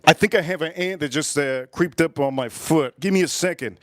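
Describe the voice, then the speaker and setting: A man's voice: a little high, moderate pace, a bit bright, dry recording. A middle-aged man hosting a casual livestream from home, rambling and repeating himself as he talks straight to his viewers. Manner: rambling, repeats phrases, addresses viewers directly. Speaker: livestream host.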